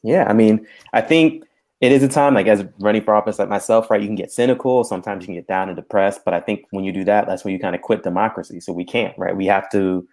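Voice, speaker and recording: A man's voice: on the low side, fast talker, darkish tone. A man running for local office, answering as a guest over a stream in an earnest, hopeful way. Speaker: political candidate guest. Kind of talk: interview answers.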